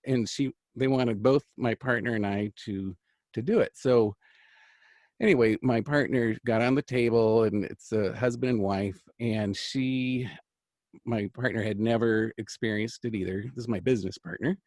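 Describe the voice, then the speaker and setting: A man's voice: medium pitch, fairly even intonation, moderate pace, darkish tone, no echo. A middle-aged man telling a long personal story in an earnest, rambling way, full of fillers and restarts. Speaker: host, angel card reader and healer. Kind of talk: casual storytelling chat.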